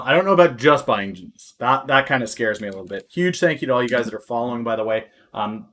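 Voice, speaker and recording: A medium-pitched man runs stock market commentary on a live stream, musing aloud with lots of filler words. His talk is punctuated by loud, theatrical panic and crude wisecracks.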